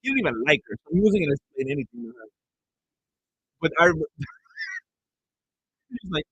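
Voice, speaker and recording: A man's voice: on the high side, sing-song, moderate pace, pauses often, a bit bright, slightly rough, dry recording, poor audio. A man streaming a fight watch-along, chatting casually and rambling through stories between reactions. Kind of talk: casual live commentary.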